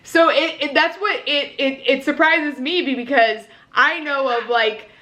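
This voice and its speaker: High, bright woman with an Akron accent. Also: unhurried. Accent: Northeast Ohio (Akron). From Akron, Ohio. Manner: chatty, laughs often, many "like" fillers. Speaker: host. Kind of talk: casual chat. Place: home.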